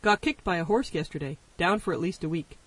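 A man voicing a shy, nervous young male vet who speaks in a soft murmur. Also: high-pitched, fairly quick, husky, no echo. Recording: voice distant from the mic.

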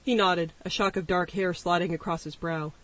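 Man reading an audiobook, wry first-person telling, pretty high voice, mic kinda far away. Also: fairly even intonation, moderate pace, bright, forceful tone. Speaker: narrator. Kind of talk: audiobook narration. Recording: voice distant from the mic.

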